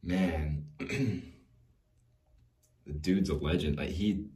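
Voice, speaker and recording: Male podcast host, 40s, deep warm voice, rambling comic monologue. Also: very slow. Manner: jokey, rambling, laughs often.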